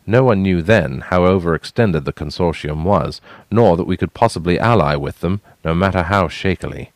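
A man's voice: low-pitched, moderate pace, no room sound. A man voicing a weary but proud young royal half-brother, earnest as he explains.

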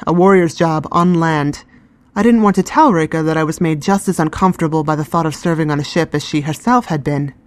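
A woman giving calm, scripted first-person narration of a fantasy story. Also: low voice, no room sound.

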